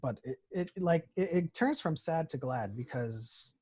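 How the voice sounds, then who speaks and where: A man's voice: a little high, expressive, unhurried, darkish tone, slightly rough. A man co-hosting a podcast in casual chat, rambling and thinking aloud as he talks. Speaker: podcast co-host.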